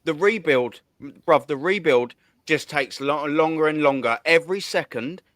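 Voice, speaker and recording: A man tears into his subject in a heated fan rant, swearing freely and counting off points one after another. His voice sits a little high, and the sound is dry and close. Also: lively intonation, fairly bright tone, dry recording. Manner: fast, swearing, repetitive counting. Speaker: host.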